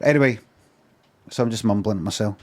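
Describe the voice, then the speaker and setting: A man's voice: on the low side, fast, darkish tone. A middle-aged man with a Scottish accent, ranting in a rambling improvised comic monologue full of swearing and repeated phrases. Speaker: live streamer.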